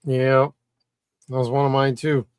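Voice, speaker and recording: A man's voice: medium pitch, level tone, measured pace, darkish tone, clear, resonant tone, no echo, clean studio sound. A man co-hosting a podcast in casual chat, easygoing with blunt opinions. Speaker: podcast co-host.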